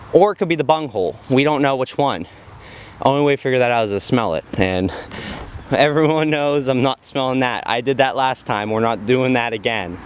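Guy doing a fake news report outside, deadpan and rambly, mid-pitched voice, noisy background. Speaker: comedian playing a news reporter. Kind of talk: mock news reporting sketch. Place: outdoors.

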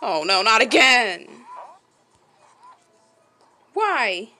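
A woman streaming a game, chatting to the animals in it like pets and breaking into lively exclamations. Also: sits high, takes it slowly, long pauses, poor audio. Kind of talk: casual game commentary.

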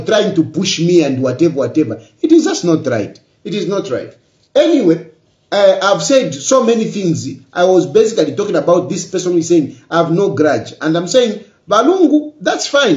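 A man's voice: high voice, a little mellow. Emphatic Zambian man, echoey lo-fi room. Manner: emphatic, repetitive, rising to insistence. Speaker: politician. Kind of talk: political address to social media. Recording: echoey, dull lo-fi room sound.

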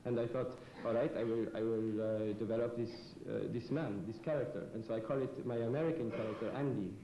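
A man being interviewed on a television variety show, talking haltingly with many fillers in a put-on foreign immigrant accent. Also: mid-range voice, steady tone, mellow, echoey room, a little hiss or hum, poor audio. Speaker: comedian guest. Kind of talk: in-character talk show interview.

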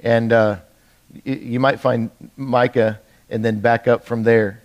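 A man's voice: mid-range voice, little pitch movement, a little slow. A male pastor preaching a midweek sermon in a church, talking in a conversational way, often repeating words as he builds intensity.

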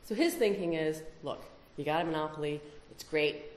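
A woman's voice: low-pitched, normal speed, a little mellow, echoey room, a little hiss or hum. A woman giving a conference talk, emphatic, with rhetorical questions. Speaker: conference speaker. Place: conference hall.

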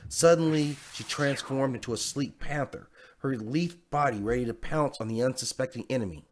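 A man's voice: medium pitch, normal speed. A man narrating a fan fiction bedtime story in a dramatic storytelling manner.

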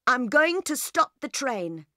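A woman's voice: sits high, sing-song, takes it slowly, a bit bright, no echo, studio quality, voice pushed up, heavily acted. A woman reading aloud and voicing an upset young husband who pleads in disbelief. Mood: distraught.

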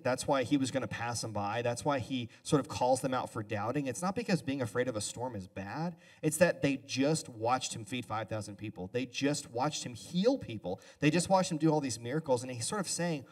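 A male pastor giving a relaxed sermon as a two-person conversation, casual and chatty with joking asides. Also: medium pitch, a little fast, few pauses. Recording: voice a bit far from the mic.

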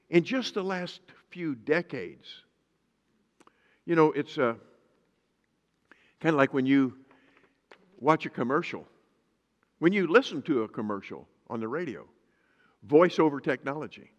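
A man, a pastor, preaching a sermon in a lively way, reading scripture aloud in a slow, deliberate manner. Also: fairly high pitch, lo-fi sound. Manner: lively preaching, reads scripture slowly and emphatically. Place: church sanctuary. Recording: reverberant church hall.

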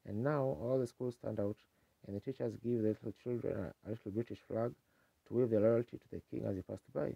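A man's voice: lowish voice, fairly even intonation, a little fast, creaky, slightly rough, no echo. A man preaching a sermon in a folksy, earnest storytelling manner, on a dull 1950s tape.

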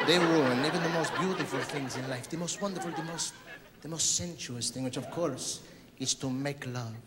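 Mock-sincere stand-up comic with a high voice. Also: male voice, animated, moderate pace, heavy background noise. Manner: mock-sincere, fake-tender delivery building to outraged lists. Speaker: stand-up comedian. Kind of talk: stand-up routine. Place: concert hall stage. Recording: live club recording with loud crowd.

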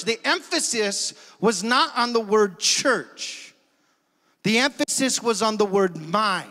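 A man's voice: sits high, animated, slow, bright, forceful tone. A male pastor preaching a sermon with emphatic energy, calling out to his congregation in a church sanctuary. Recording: long church hall reverb.

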